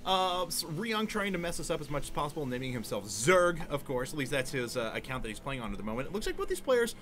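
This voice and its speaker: A young man co-commentating an esports match, relaxed and analytical as he explains the play. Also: a little high, quick pace. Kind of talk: color commentary.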